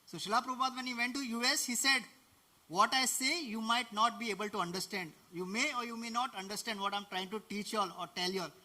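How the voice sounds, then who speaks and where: A man with an Indian English accent gives a devotional lecture in a conversational teaching manner. His voice sits high and sounds bright and forceful, and he often breaks into laughs and asks his listeners rhetorical questions. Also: fast talker, few pauses. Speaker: preacher.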